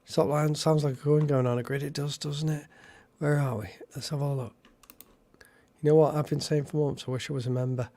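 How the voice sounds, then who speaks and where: Gravelly, chatty man hosting live. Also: on the high side, brisk. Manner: chatty, thanks viewers by name, excitable. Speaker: live stream host. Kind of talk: casual live stream chat.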